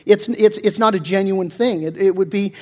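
A man's voice: high voice, normal speed, darkish tone. A male pastor preaching a conversational sermon that mixes jokes into the teaching, talking with lots of fillers and restarts.

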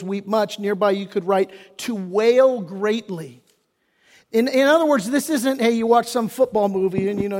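A man with a high-pitched, slightly mellow voice preaches a sermon as a pastor, impassioned and folksy, raising and dropping his voice and often restarting phrases. His wording is casual, and the long reverb of a church hall surrounds him.

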